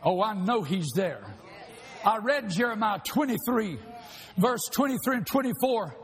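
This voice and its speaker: A man preaching a sermon, shouting at times and rushing through asides. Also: high-pitched, lively intonation. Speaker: pastor. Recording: long hall reverb.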